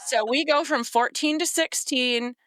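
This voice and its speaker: A woman's voice: high voice, measured pace, fairly bright tone, dry recording. Exasperated woman recapping a novel, bone-dry sound. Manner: sarcastic, exasperated, swears freely, acts out quotes. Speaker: podcast co-host. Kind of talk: casual chat, recapping a novel.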